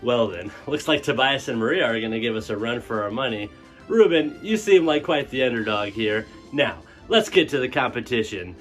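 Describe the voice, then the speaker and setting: A man's voice: mid-range voice, lively intonation, normal speed, a bit bright, soft background music, close to an everyday voice. A man playing a smug game show host who mocks and exploits his contestants in a showman's announcing manner.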